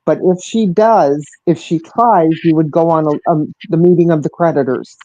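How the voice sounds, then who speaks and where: A woman with a low, dark voice calls into a casual livestream panel chat on a speakerphone, explaining things firmly at normal speed. The audio is dull speakerphone sound with no echo.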